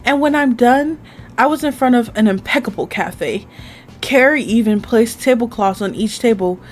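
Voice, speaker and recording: A woman's voice: a little high, normal speed. A woman hosting a gaming channel, reading a dating game aloud in the first person, with casual asides.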